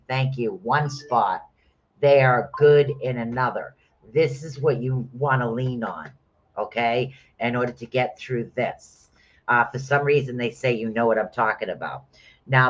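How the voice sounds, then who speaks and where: A man's voice: mid-range voice, a bit bright. A middle-aged man chatting casually through a live rune reading, calling his listeners honey. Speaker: rune reader. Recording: dull lo-fi sound.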